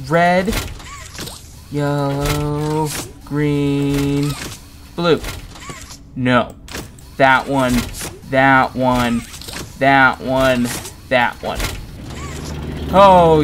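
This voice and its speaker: A man's voice: mid-range voice, fairly bright tone, slight background noise. Jumpy, swearing man playing a horror game. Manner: jumpy, swears a lot, panicky muttering. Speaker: gaming YouTuber. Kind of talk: horror game let's play commentary.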